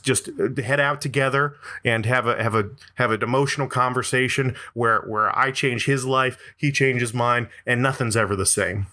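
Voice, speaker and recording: A young man hosts a comedy podcast, spinning a long, self-deprecating story. His voice is bright and forward, and he talks in rambling bursts full of restarts and asides. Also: mid-range voice. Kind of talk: storytelling monologue.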